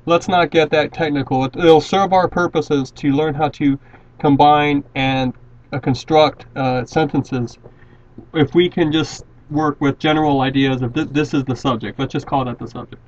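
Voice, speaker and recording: A man explains grammar step by step at a board, with a slightly high voice. He is patient and repeats himself often. The recording is dull and lo-fi. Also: steady tone, normal speed. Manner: patient, repeats and restarts words while explaining. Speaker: teacher. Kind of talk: grammar lesson at a whiteboard.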